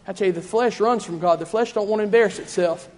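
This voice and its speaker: A man's voice: high voice, fast talker, in a large hall. A man preaching a sermon in a church, fervent and repetitive in his cadence.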